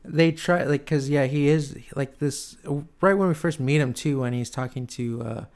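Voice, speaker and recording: A man's voice: medium pitch, moderate pace, a little mellow, clean tone. A man in casual movie chat as a podcast co-host, hesitant and full of fillers. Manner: hesitant, lots of fillers and agreeing.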